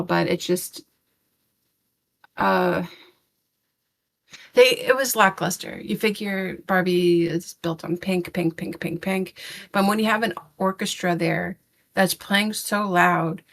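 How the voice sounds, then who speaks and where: A woman's voice: on the low side, fairly even intonation, measured pace, creaky, slight background noise. A woman co-hosting a podcast who rambles through a casual, exasperated rant, full of fillers and restarts, with blunt swearing. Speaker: podcast co-host.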